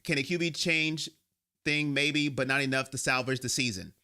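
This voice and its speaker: Man with a sharp, tense voice venting on a fan stream. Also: medium pitch, normal speed, smooth. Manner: emotional, rambling, talks straight to viewers. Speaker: live-stream host. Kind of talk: sports fan live-stream venting and reading chat. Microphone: own microphone.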